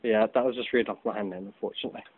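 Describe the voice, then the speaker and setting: A man's voice: fairly low pitch, fairly even intonation, very fast, slight background noise. Man, casual hobbyist vlogger, loose and chatty; outdoor phone recording, tinny narrow sound. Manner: chatty, loose, with many ums and self-corrections. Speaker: hobbyist video maker. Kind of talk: casual demonstration vlog. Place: outdoors in afternoon sun. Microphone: phone camera.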